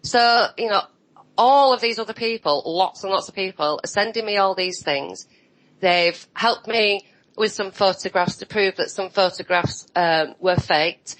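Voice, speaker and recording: A woman's voice: mid-range voice, fairly bright tone, poor audio. Blunt, sarcastic woman. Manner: blunt, sarcastic, mimics others' voices. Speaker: roundtable guest. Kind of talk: casual online roundtable chat.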